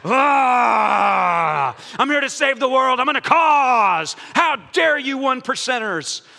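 A man playing a furious activist who shouts at everyone. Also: very high-pitched, lively intonation, takes it slowly, vocal fry, long reverb tail, full character voice. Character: ranting outraged male activist, shouting.

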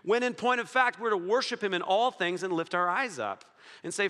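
Bright, high-voiced preacher in a reverberant hall. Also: male voice, fairly quick. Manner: lively storytelling, jokey, chuckles. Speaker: pastor. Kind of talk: sermon.

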